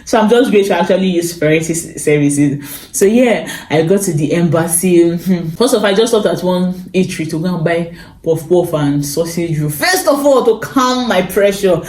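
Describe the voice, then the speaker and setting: Young Nigerian woman, casual vlog storyteller, lively and exclaiming, lowish voice, roomy phone recording. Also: moderate pace. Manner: animated, exclaims and repeats phrases. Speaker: vlogger.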